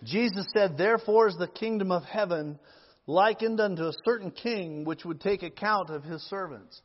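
A man preaching a sermon, reading scripture slowly and rising to loud, emphatic appeals to the congregation. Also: high-pitched, big-room sound, dull audio.

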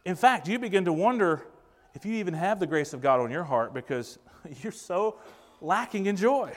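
A man's voice: high-pitched, lively intonation, normal speed. A man preaching a sermon, speaking emphatically and posing rhetorical questions to the congregation. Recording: long reverb of a large hall.

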